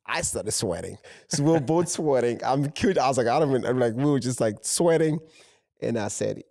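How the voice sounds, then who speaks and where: Gravelly-voiced man telling a story. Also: medium pitch, fairly quick, no room sound, clean studio sound. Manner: animated anecdote telling with fillers. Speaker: guest, fashion house founder. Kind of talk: casual storytelling chat.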